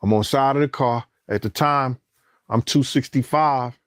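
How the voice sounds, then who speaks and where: In clean, dry studio sound, a man with a smooth, medium-pitched voice takes his time telling a story. He curses freely, performs the quoted lines, and gets loud, even shouting, when things get tense or exciting.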